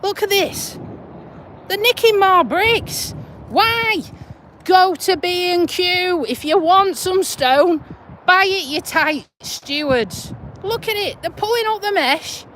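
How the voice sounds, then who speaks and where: A woman's voice: very high voice, slow pace, a bit bright, slight background noise. A woman with a Yorkshire accent, from Lincolnshire, chatting bluntly while walking her dog outdoors, recorded on a handheld phone. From Lincolnshire, England. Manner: blunt, chatty, mild swearing. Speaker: vlogger. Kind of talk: casual walking vlog.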